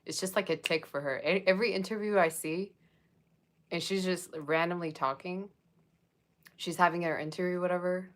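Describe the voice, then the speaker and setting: A woman's voice: fairly low pitch, steady tone, normal speed. A woman giving a casual tarot reading, chatting and rambling straight to her viewers. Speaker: tarot reader.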